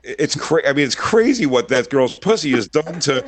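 A man's voice: fairly high pitch, sing-song, normal speed, a crowd in the background. A young adult man co-hosting a comedy podcast, rambling and telling crude jokes. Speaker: podcast co-host. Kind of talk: casual comedic banter.

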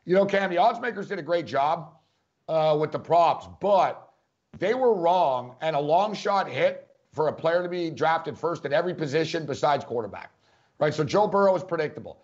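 Emphatic high-voiced man, dull audio. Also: expressive, normal speed. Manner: emphatic, incredulous, repeats points. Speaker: sports podcast co-host. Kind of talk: casual sports debate.

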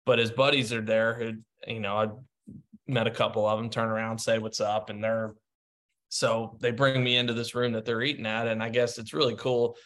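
A man appearing as a guest on a podcast, telling stories in a relaxed, chatty way with frequent restarts and laughs. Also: lowish voice, moderate pace. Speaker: podcast guest, pro golfer. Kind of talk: casual storytelling.

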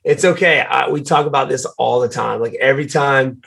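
Gravelly laid-back man chatting. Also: mid-range voice, a little fast. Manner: relaxed storytelling, many fillers. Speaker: guest, fighter. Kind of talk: casual podcast chat.

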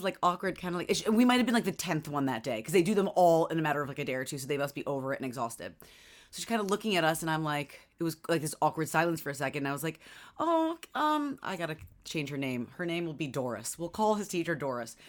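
A woman's voice: low-pitched, fast talker. A woman co-hosting a casual chat, telling a rambling story with lots of fillers. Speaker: podcast co-host.

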